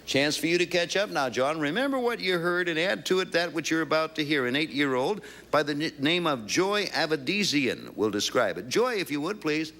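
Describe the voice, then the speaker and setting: A man's voice: on the high side, expressive, moderate pace, hardly any pauses, bright, forceful tone. A man hosting a television game show, joking and bantering with the contestants. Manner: playful, quipping banter. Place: TV studio with audience.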